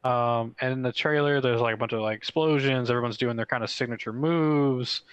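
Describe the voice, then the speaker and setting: A man co-hosting a gaming podcast in casual chat, excitable and rambling with lots of filler words. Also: medium pitch, a little fast, smooth, no room sound, highs cut off. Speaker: podcast co-host.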